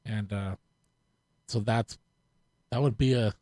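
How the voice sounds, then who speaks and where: Halting, rambling man hosting a talk show. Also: lowish voice, steady tone, mellow, dry recording. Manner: rambling, halting, with many restarts. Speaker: host and DJ. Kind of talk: casual chat.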